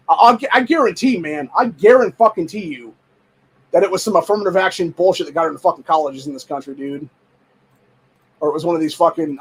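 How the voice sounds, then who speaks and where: A man's voice: a little high, husky, rough recording. A man hosting a show, ranting angrily in heated, profane, rambling commentary full of fillers. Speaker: show host. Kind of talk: angry political commentary rant.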